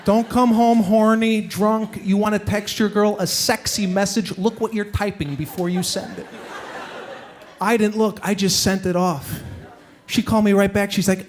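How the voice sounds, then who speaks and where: A man doing stand-up comedy, telling stories in an animated, exasperated way before a live audience. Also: high-pitched, normal speed. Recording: echoey hall with live crowd and noise. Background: audience laughter.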